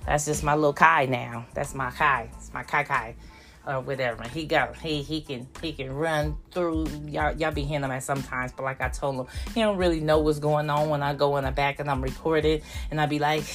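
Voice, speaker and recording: Chatty older woman, low voice. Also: steady tone, moderate pace, soft background music. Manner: chatty, rambling, acts out voices of family. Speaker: vlogger. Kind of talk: casual chat.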